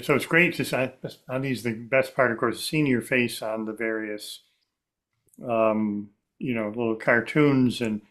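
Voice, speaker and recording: A man hosts a casual interview in a mid-range voice. He builds his questions slowly, restarting and rephrasing as he goes. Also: medium pitch, fairly bright tone. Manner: asks rambling questions with many restarts. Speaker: podcast host. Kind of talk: conversational interview.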